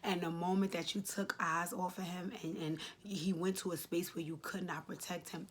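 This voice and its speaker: A woman's voice: lowish voice, little pitch movement, moderate pace, few pauses, a little hiss or hum. A woman in her late thirties giving heartfelt advice to camera, earnest and emotional, repeating key phrases for emphasis. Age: late 30s. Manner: speaks directly to viewers, informal. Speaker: advice vlogger answering a letter.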